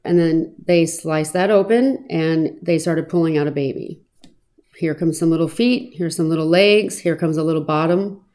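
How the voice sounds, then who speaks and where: A woman recounting her own past in an earnest, reflective personal testimony, pausing now and then with small fillers. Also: low-pitched, darkish tone. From Arizona, US.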